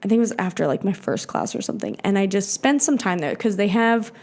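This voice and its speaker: Talking fast with big pitch swings, this medium-pitched, slightly mellow woman co-hosts a podcast in her twenties. Her casual chat overflows with "like" and other fillers, loose profanity, and quotes she acts out.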